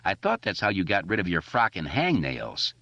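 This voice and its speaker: A man voicing a wisecracking boy who keeps doing silly voices, in a jokey, squeaky manner. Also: huge pitch swings, moderate pace, gravelly, sharp tone, no room sound, exaggerated voice. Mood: joking. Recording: dull lo-fi audiobook recording.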